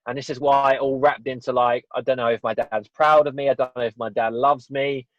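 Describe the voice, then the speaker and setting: In a relaxed interview, this podcast guest from England tells his own story sincerely but wanders, leaning on "you know" and "right?". He speaks fairly quickly in a mid-range voice with fairly even intonation, recorded in dull, dry audio with no room sound.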